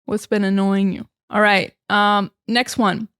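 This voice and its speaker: A woman's voice: mid-range voice, flat delivery, unhurried, a bit bright, smooth, no echo, studio quality. A young American woman teaching English in a casual podcast style, chatty and full of fillers and restarts.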